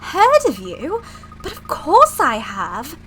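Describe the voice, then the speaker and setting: A woman's voice: high voice, huge pitch swings, takes it slowly, bright, forceful tone, soft background music, voice pushed up, exaggerated voice, rough recording. A woman doing a bubbly young assistant. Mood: excited. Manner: bubbly, exclamatory. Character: eager young female assistant, excitable.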